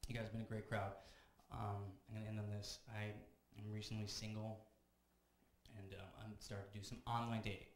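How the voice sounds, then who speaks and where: A young man performing a stand-up comedy set on a club stage, rattling off lists and building to loud rants. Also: lowish voice, little pitch movement. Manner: rapid-fire, builds to shouting rants. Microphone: handheld stage mic. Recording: echoey club room, audience noise. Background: audience laughter.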